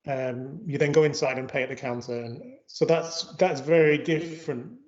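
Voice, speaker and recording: A man's voice: fairly high pitch, moderate pace, a little mellow. A man from England co-hosting a casual chat, telling anecdotes in a chatty storytelling way. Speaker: co-host. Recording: dull lo-fi sound.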